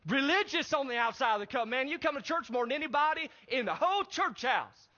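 Male pastor, high and sharp-toned, emphatic sermon delivery, dull lo-fi recording. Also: lively intonation, a little fast. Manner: emphatic, addresses the congregation with rhetorical questions. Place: church service.

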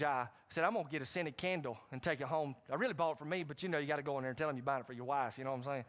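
A middle-aged man preaching a sermon, animated, with sudden loud rises and frequent asides to the congregation. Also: medium pitch. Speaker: pastor.

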